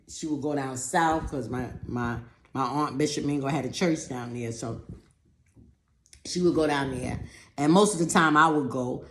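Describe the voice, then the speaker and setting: A woman telling a personal story in a talk, animated, acting out other people's voices and often repeating words. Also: a bass voice, roomy sound. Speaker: speaker giving a talk.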